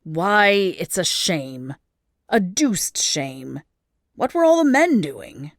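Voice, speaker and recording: A woman reading aloud and voicing an athletic young gentleman who talks in a stammering, chivalrous, old-fashioned manner, a little lower than her own voice. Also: very animated, slow pace, no echo, clean studio sound, full character voice. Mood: indignant.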